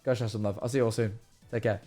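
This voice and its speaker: A man's voice: fairly low pitch, steady tone, very fast, dark tone, soft background music. A very tired young man hosting a livestream, chatting loosely through his sign-off, rambling and swearing now and then. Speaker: livestream host. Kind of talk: casual stream sign-off chat.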